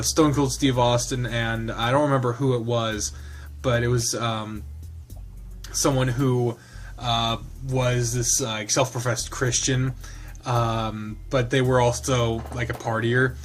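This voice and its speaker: A man's voice: medium pitch, fairly even intonation, takes it slowly, soft background music. A man reading a visual novel aloud and commenting on it casually, laughing and rambling into asides. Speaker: game streamer.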